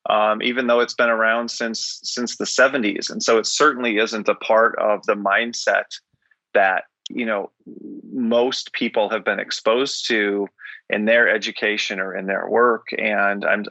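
A man's voice: lowish voice, vocal fry, bright, forceful tone, no echo, highs cut off. A man talking as an interview guest, telling stories animatedly and restarting his phrases often. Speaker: guest speaker and author. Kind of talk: conversational interview storytelling.

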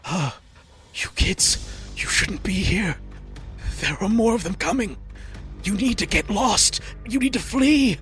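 A man's voice: on the high side, unhurried, a bit bright, soft background music. Man doing a crazed, wounded stranger. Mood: urgent. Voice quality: murmuring, frantic.

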